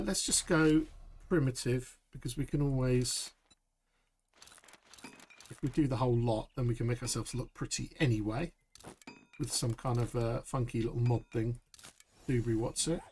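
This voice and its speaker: A man streaming a survival game live, chatty and upbeat, saying "boom" as he works. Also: measured pace, pauses often, a little mellow, slight background noise. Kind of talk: live gameplay commentary.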